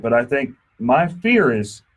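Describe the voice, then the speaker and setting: A man chats and jokes his way through a local radio talk show in a studio. His voice sits at an ordinary middle pitch, and he keeps tripping over restarts as he goes. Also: big pitch swings, a little slow, husky. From Texas. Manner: chatty, joking, stumbling on restarts. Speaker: radio show host and insurance attorney.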